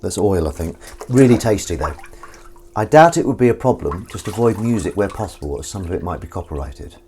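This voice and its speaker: A man's voice: low-pitched, lively intonation, a little fast, warm tone, a little hiss or hum. A man streaming live while washing up at home, chatting casually and rambling as he reads viewer comments aloud and swears now and then. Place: home kitchen, washing up at the sink.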